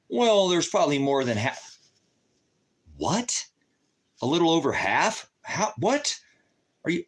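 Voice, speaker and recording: Fired-up guy venting a long story, voice jumping all over, kinda high, swears a lot. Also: a bit bright. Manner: agitated, profane, retells arguments in quoted voices. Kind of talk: casual rant.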